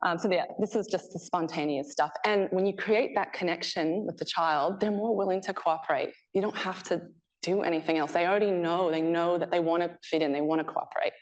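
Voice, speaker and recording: A woman presents her research to a room of listeners, her voice sitting a little on the low side. She talks in a loose, conversational way and laughs easily between points. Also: a little fast, poor audio. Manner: chatty and animated, laughing often, acting out quotes. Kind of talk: conference presentation. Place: presentation room with a live audience.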